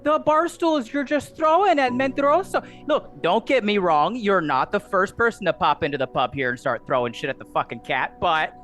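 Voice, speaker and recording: A man's voice: high-pitched, lively intonation, moderate pace, hardly any pauses, fairly bright tone, pitched above the performer's own voice. A man voicing a small, chatty, fretful male gnome barkeep who rambles and complains. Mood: exasperated.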